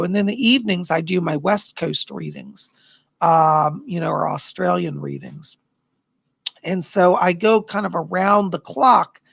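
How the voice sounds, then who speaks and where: A tired middle-aged man with a raspy, worn voice, chatting upbeat with viewers as a psychic livestream host. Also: sits high, fairly bright tone, no echo. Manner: chatty, upbeat, answers chat questions. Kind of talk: casual live-stream chat.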